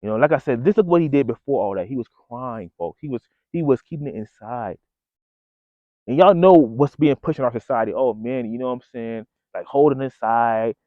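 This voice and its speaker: A man's voice: medium pitch, brisk, dry recording. A man vlogging casually to his viewers, telling a story in a loose, slangy way and calling them bro and folks. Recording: dry phone-like audio.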